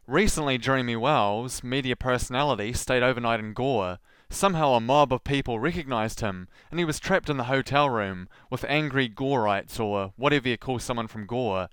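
A man's voice: mid-range voice, animated, normal speed, fairly bright tone, smooth, no room sound. Dry sardonic New man. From Southland, New Zealand. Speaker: podcast host. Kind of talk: scripted commentary.

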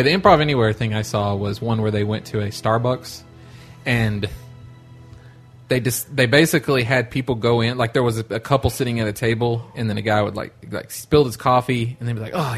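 A man's voice: medium pitch, brisk, vocal fry, husky, faint music behind. A man co-hosting a podcast, telling a long rambling story in casual chat and laughing often. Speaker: podcast co-host.

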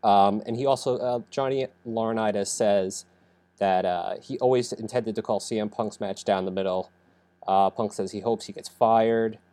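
A young man with a low, mellow voice gives a casual podcast recap while sick. He rambles, stacks up fillers and corrects himself mid-sentence. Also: steady tone, moderate pace. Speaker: podcast host reviewing wrestling.

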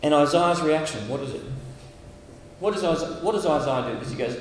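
Animated preacher with a high voice, echoing hall. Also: male voice, unhurried, slight background noise. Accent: Australian. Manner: animated, acts out voices from scripture passages. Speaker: camp speaker. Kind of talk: sermon. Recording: echoey hall, heard from a distance.

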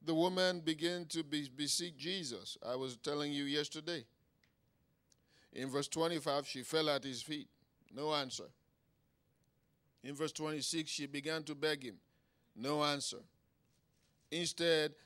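Man, preacher, sermon, emphatic, fairly high pitch, sharp bright tone. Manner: emphatic, swings between quiet asides and loud exclamations; engages the audience with "Huh?" and "Is anybody getting anything?".

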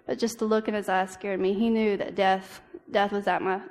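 A young woman shares a personal testimony in an earnest, halting way, full of ums and restarts. Her voice stays fairly level, with little rise and fall. Her words ring on in a hall with a long reverb. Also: mid-range voice, little pitch movement, a little mellow. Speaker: speaker giving a church devotional.

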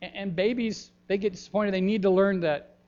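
An older man, a pastor giving a gentle, folksy children's sermon in a church, pausing often with ums. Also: sits high, fairly even intonation. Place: church sanctuary. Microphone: handheld microphone. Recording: dull lo-fi church recording.

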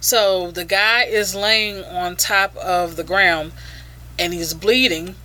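A woman with a bright voice chats through a comic book review in a loose, informal way. She swears often and slips into dry sarcasm. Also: lowish voice, steady tone, takes it slowly. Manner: casual, profane, sarcastic.

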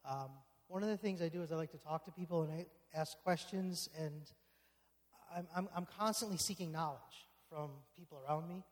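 A man hesitantly beginning a personal testimony in church, with many pauses and fillers. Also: fairly high pitch. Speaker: congregation member sharing testimony. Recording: echoey hall, distant from mic.

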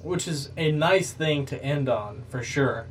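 A man's voice: fairly high pitch, a little slow, far from the mic, slight background noise, rough recording. Jokey rambling man, a bit off-mic. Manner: jokey, rambling, crude humor. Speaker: podcast host. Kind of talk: casual comedic chat.

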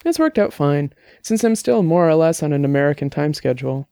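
A woman's voice: deep voice, expressive, fairly quick, mellow, no room sound, clean studio sound. A man reading the part of a chatty young woman programmer, bubbly and teasing, in an audiobook.

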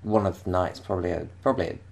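A man from England with a very low, gravelly voice tells a long, meandering story. He keeps stopping and restarting his sentences and breaks into laughter as he talks. His speech is loose and relaxed, like casual chat. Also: racing. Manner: rambling, self-interrupting, laughing storyteller. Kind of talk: casual anecdote.

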